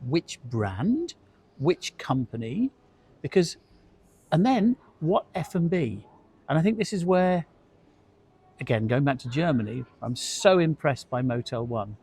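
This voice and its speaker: A man's voice: a little high, sing-song, unhurried, darkish tone, slightly rough. Man telling chatty anecdotes. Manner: chatty anecdotal storytelling, with repeated words. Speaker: co-host, hospitality industry expert. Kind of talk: casual industry discussion.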